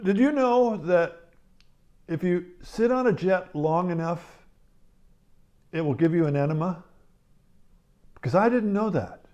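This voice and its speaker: A man hosting a comedy show from home, with a slightly higher voice. He rambles in a halting, deadpan way, full of hesitations. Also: lo-fi sound.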